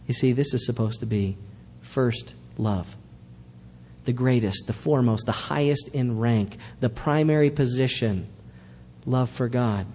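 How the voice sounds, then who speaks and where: Preaching in a church at a normal speed, a male pastor hammers home his points through earnest, emphatic repetition. His mellow, warm voice has a faint rumble beneath it, and the sound is that of a big room.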